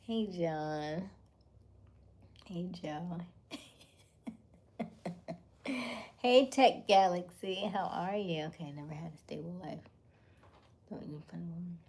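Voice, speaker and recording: Female livestream host, unhurried, chatty, greets viewers by name, frequent laughs and soft asides. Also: lowish voice. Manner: talks while eating dinner; laughs often, drifts into soft half-whispers. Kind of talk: casual livestream chat.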